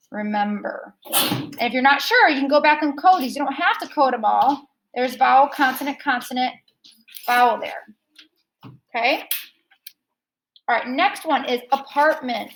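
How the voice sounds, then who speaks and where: A woman's voice: high voice, slight background noise, low-quality recording. A woman teaching a recorded phonics lesson, patiently modeling sounds and asking the listener to repeat after her.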